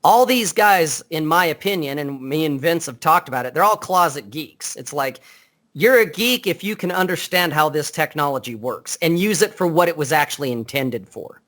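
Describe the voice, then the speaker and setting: A man chats as a guest on a podcast, heard over a Skype call. He is blunt and unfiltered, and he rambles and restarts his sentences. His voice sits somewhat high for a man. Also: expressive, normal speed, a bit bright. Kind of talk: casual interview chat.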